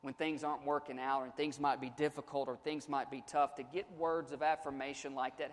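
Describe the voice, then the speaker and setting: A man preaching in an earnest, repetitive way, circling back over his words as he explains a passage. His voice sits a little high for a man. A long reverb trails behind him, as in a large hall. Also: moderate pace. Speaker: pastor. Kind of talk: sermon.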